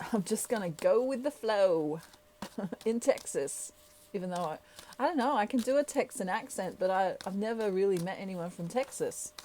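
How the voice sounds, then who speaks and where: A woman's voice: medium pitch, a little mellow, a little hiss or hum. A woman chatting playfully through a tarot reading, laughing often as she talks. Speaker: tarot reader. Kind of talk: casual tarot reading monologue.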